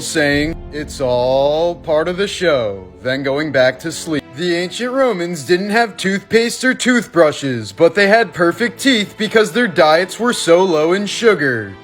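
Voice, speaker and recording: A man narrating creepy facts and stories in a steady, even reading voice. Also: fairly high pitch. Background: faint background music.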